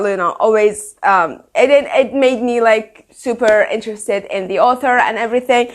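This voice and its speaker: A woman hosting a casual book review vlog, talking in an emphatic, animated way and swearing freely. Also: a little high. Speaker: book reviewer, channel host.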